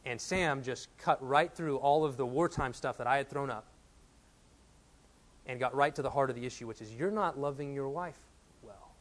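A man's voice: medium pitch, moderate pace. A man from Texas in his thirties preaching a sermon as a pastor, telling a personal story and building to emphatic points.

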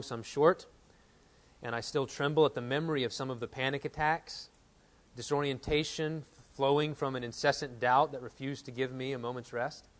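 A man in his thirties preaching a sermon, earnest and animated, reading quotes aloud and telling stories from home. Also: medium pitch. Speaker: pastor.

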